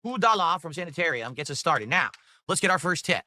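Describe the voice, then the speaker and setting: A man's voice: a little high, big pitch swings, brisk, pushed and bright, dry recording. A man hosting a live stream, upbeat and pushing viewers to donate. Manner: upbeat hype, reads donations aloud. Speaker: streamer host.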